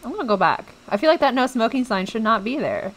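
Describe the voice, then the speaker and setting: Bright, animated young woman streamer. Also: a little high, quick pace, a little hiss or hum, rough recording. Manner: chatty, jumpy, talks to viewers while playing. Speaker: game streamer. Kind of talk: let's play commentary.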